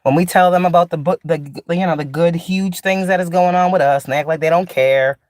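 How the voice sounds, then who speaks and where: A woman's voice: lowish voice, fairly quick, darkish tone, no room sound, studio quality. A woman spiritual teacher in a casual, blunt, profane monologue, laughing often and drawing out sarcastic asides.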